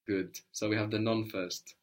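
Patient low-voiced male language teacher. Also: level tone. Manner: patient, encouraging, slow modeling of words syllable by syllable. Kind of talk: one-on-one language lesson.

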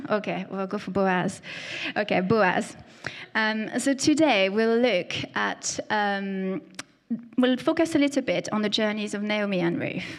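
A woman with a French accent giving a conversational sermon, often checking in with the listeners. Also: mid-range voice. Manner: conversational, often tags "yeah?". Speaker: preacher.

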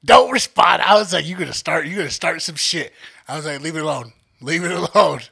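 A man's voice: on the high side, fast talker, vocal fry, pushed and bright, husky. A young man co-hosting a podcast, telling a story in casual chat with a joking, laid-back manner. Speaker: podcast co-host.

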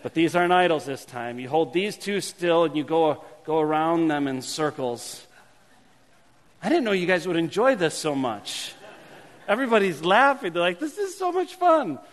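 A man, a pastor, teaching a congregation a playful hand-gesture game in his sermon, shifting between lively calls and quiet asides. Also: on the high side, moderate pace. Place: church sanctuary. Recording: long hall reverb.

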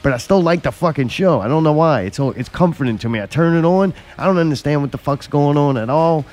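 A man's voice: a little high, animated, fast, a little mellow. A man co-hosting a podcast in casual chat, talking loosely with lots of swearing and laughter. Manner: loose, profane, laughing banter. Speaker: podcast co-host.

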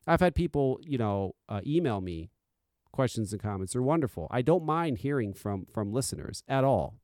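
A man hosting a casual solo podcast, blunt and profane, swinging between loud insistence and quiet, confiding asides. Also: mid-range voice, very animated, normal speed, dry recording, clean studio sound. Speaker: podcast host.

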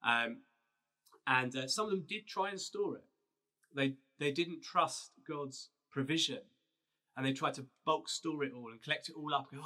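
A man's voice: a little high, normal speed, pushed and bright. A man, a pastor telling a Bible story as a casual, conversational sermon. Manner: storytelling, conversational with restarts and fillers.

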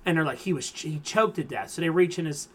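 Podcast host, male, slightly high voice, rambling and filler-heavy recap style. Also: fast, husky. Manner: rambling retelling full of fillers. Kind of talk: casual chat.

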